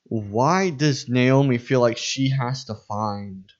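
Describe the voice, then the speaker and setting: A man's voice: medium pitch, slow pace. Man chatting in a muffled, lo-fi recording. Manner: rambling, with many fillers and restarts. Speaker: podcast co-host. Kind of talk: casual Bible study chat.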